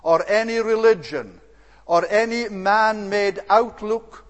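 A male preacher delivering a sermon in an earnest, deliberate way, with hesitant fillers now and then. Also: high voice, in a large hall.

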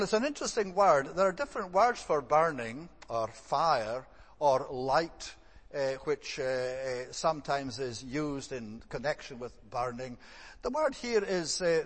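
A man giving an evening sermon. He speaks in a measured, thoughtful way, often pausing on "eh" and "uh.". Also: on the high side, a bit bright, in a large hall. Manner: measured, thoughtful delivery with frequent "eh" and "uh" restarts. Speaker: preacher.

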